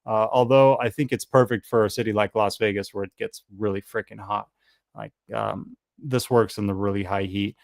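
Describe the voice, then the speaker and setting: A man's voice: fairly low pitch, steady tone, normal speed, gravelly, no room sound. An American man hosting a fragrance live stream, chatting in a rambling, self-deprecating way. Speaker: fragrance channel host. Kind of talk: casual live-stream chat.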